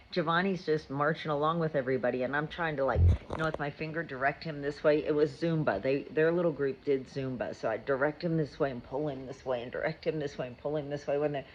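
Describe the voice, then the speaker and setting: A woman's voice: sits low, muffled recording, a little hiss or hum. A woman, a mother, telling a rambling, chatty story about her day in a casual vlog. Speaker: mother and vlogger. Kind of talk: casual chat.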